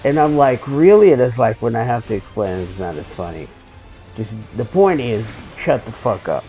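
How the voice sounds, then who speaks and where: A man's voice: on the low side, sing-song, normal speed, dark tone, faint music behind, low-quality recording. A man streaming a game, telling a long rambling story in casual chat. He swears freely and often restarts his sentences.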